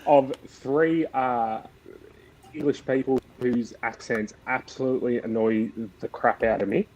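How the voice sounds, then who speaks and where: A man's voice: mid-range voice, steady tone, a little slow, darkish tone, lo-fi sound, slight background noise. A man with an Australian accent, a guest on a panel, rambling in a dry, joking way with some hesitation. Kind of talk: casual panel chat.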